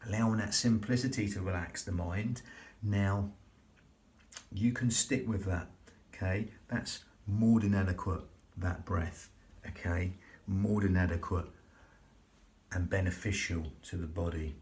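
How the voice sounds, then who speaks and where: A man leading a slow, soothing, repetitive breathing and relaxation class as a yoga instructor. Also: low voice, steady tone, a little mellow.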